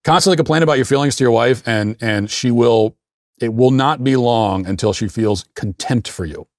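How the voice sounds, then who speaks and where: Man, show host, opinion monologue, emphatic, blunt, lecturing, mid pitch. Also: normal speed, dry recording, clean studio sound. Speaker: political commentator hosting a show.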